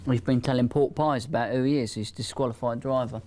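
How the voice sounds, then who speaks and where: A British traffic police officer, firm and dryly sceptical with a suspect at a roadside stop. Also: male voice, mid-range voice, fairly even intonation, brisk, a little mellow. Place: roadside at night, outdoors.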